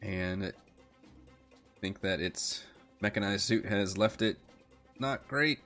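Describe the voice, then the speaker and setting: Low-voiced man running a tabletop game. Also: takes it slowly, sharp tone, soft background music. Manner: jokey, swears, laughs often. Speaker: game master.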